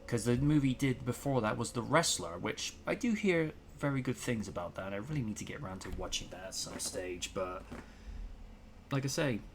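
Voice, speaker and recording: A man's voice: on the low side, slight background noise. Chatty opinionated male host. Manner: opinionated, chatty, with lots of fillers. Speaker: podcast host. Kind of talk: casual chat.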